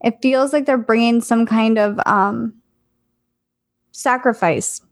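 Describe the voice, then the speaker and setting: A woman in casual chat as a psychic medium, talking in a hesitant, musing way with many fillers and pauses. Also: on the high side.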